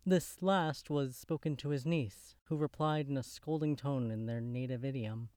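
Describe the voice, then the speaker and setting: A man narrating a gothic horror story in the first person, in a measured, literary storytelling manner. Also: medium pitch, darkish tone, no room sound, clean studio sound.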